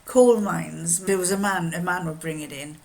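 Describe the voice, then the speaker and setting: A woman's voice: lowish voice, moderate pace, creaky, darkish tone, a little hiss or hum. An older woman from northern England, chatting casually in a rambling, anecdotal sewing vlog. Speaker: sewing vlogger. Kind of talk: casual chat.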